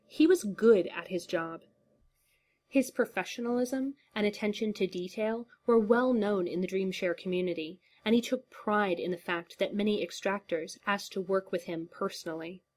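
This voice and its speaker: A woman reading a fan fiction story aloud in a steady, measured narration. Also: medium pitch. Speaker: story reader.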